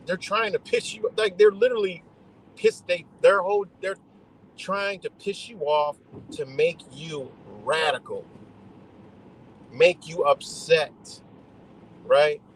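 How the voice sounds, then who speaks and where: A man with a voice pitched a touch higher than most, delivering a profane ranting monologue. He talks in a heated, emphatic way, repeats himself and restarts sentences as he goes. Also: steady tone, slow, long pauses, slight background noise, poor audio. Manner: heated, emphatic, heavy swearing; repetitive, restarts mid-thought. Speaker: live streamer.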